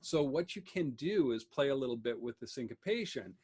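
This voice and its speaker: A man casually explaining a bluegrass singing lesson, talking quickly with many ums over guitar. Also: medium pitch, lively intonation. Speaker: music teacher. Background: guitar playing.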